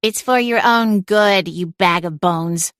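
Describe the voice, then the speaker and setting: A woman's voice: mid-range voice, takes it slowly, a bit bright, no room sound. A woman voicing an ageless, sardonic female cat familiar who scoffs and speaks dryly in a cozy audiobook. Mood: scornful. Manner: dry, scoffing, sarcastic.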